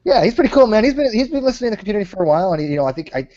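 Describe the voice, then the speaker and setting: A man's voice: sits high, big pitch swings, racing, dark tone. A man hosting a casual group chat, stammering and laughing often. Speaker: host. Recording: dull lo-fi online call.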